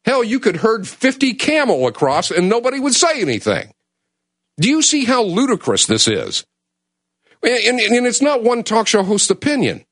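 A man hosting a call-in talk radio show, speaking with urgent, emotional passion that swings between loud and hushed. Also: extremely high pitch, big pitch swings, moderate pace, no echo, studio quality. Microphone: studio mic.

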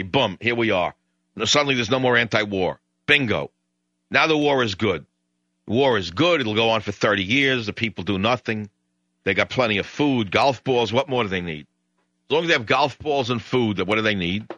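A man's voice: fairly low pitch, lively intonation, moderate pace, sharp tone, no echo, muffled recording. A man hosting a political talk radio show, ranting in a sarcastic, exasperated way. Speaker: radio host.

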